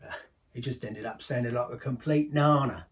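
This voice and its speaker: A bitter old ex-henchman natters on in an audio-drama monologue, as a man plays him. His talk is rambling and confiding, full of sardonic asides. The voice is mid-pitched and sits back from the microphone. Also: normal speed, distant mic, close to an everyday voice.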